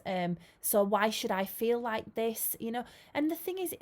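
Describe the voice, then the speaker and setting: A woman's voice: fairly high pitch, a little mellow. A woman in her forties, an early years teacher, giving an earnest, chatty training talk to camera, with lots of "you know" fillers.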